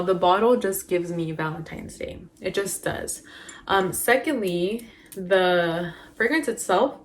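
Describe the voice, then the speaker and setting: A woman's voice: medium pitch, a little hiss or hum. A woman talking casually to camera as she reviews perfumes, chatty and rambling with lots of fillers. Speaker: beauty vlogger.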